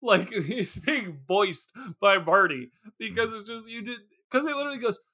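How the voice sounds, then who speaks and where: A man's voice: sits high, expressive, normal speed, sharp tone. A man co-hosting a podcast, gushing enthusiastically about a movie and laughing often. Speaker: podcast co-host. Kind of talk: casual movie chat.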